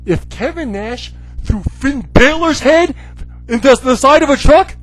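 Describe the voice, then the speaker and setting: A man hosting a wrestling video, ranting sarcastically in a casual, animated way with lots of "you know, like". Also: extremely high pitch, a little slow, soft background music, poor audio. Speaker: wrestling commentary video host. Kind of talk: comedic rant.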